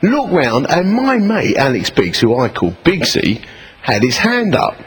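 A middle-aged man with an Essex accent giving a humorous personal testimony to an audience, telling it as lively comic storytelling and acting out both sides of the dialogue. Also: medium pitch, a little slow, low-quality recording. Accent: Essex English. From England. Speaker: speaker giving his testimony.

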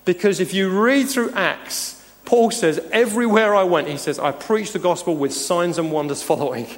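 A man's voice: sits high, normal speed. A man preaching a sermon as pastor, earnest and emphatic, chuckling now and then between points. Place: church hall. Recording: long reverb of a church hall.

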